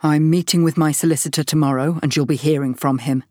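Woman doing a flat curt husband guy, low and stubborn, dry audiobook sound. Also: quick pace, dry recording, close to an everyday voice. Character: cold, stubborn middle-aged husband.

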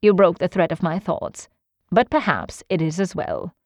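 A woman's voice: lowish voice, sing-song, moderate pace, dry recording. A woman voicing Sherlock Holmes, an aloof Victorian detective, in a cool, offhand, lecturing manner.

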